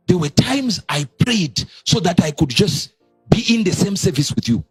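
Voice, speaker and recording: A man preaching with a husky, lively voice that leaps up in sudden exclamations and sinks low again. The sound is dry and close, with soft music playing underneath. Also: moderate pace, no echo. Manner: animated, sudden high exclamations and drops. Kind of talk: sermon.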